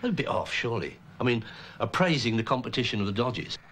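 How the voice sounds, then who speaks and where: A man's voice: mid-range voice, animated, fairly quick, fairly bright tone, a little hiss or hum, lightly acted. An actor playing a blustering, pompous middle-aged Englishman who is chasing funding. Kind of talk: TV comedy acting.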